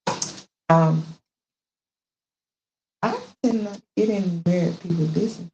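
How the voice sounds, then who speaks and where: A woman guest on a live podcast, speaking in a measured way and reluctant to judge. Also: lowish voice, creaky, dull audio, noisy background. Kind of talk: casual live podcast chat.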